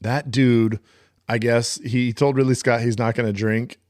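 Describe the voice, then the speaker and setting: A man co-hosting a podcast in casual chat, relaxed and trailing off, swearing now and then. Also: medium pitch, measured pace, no room sound, studio quality. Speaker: podcast co-host.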